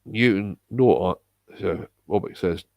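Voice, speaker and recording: Give me a deep, creaky-voiced man with a Bristol accent. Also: dry recording, muffled recording. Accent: Bristol English. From England. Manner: hesitant, halting, with many restarts and fillers. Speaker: livestream host reading viewer comments. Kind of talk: live stream Q and A, unscripted.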